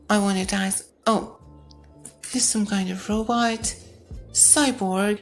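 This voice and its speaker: A woman's voice: mid-range voice, fairly even intonation, takes it slowly, soft background music. A woman playing a video game and commenting as she goes, thinking aloud, reading out on-screen text and correcting herself. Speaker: gamer. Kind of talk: let's-play commentary.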